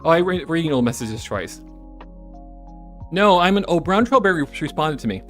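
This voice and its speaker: Woman streamer, casual chat: giggly and chatty, voice leaping up and down, soft music under it. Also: low-pitched, sing-song, moderate pace. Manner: giggly, chatty, self-correcting asides. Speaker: VTuber streamer. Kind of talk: casual live-stream chat, reading chat messages.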